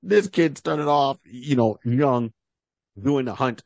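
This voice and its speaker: A man's voice: mid-range voice, takes it slowly, creaky, darkish tone, dry recording, highs cut off. A man co-hosting a podcast, retelling a story in a casual, rambling way with many fillers. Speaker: podcast co-host. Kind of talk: casual chat.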